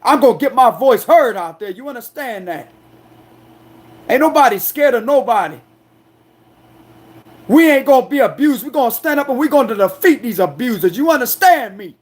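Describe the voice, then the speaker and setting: A man with a high-pitched voice speaking in a fierce, confrontational monologue. He talks with loud aggression and defiance, pressing his points over and over. The delivery is a raw, unscripted rant. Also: expressive, moderate pace, pauses often. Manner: defiant, confrontational, repeats "you understand me". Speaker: astrology tarot reader. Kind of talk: angry ranting monologue.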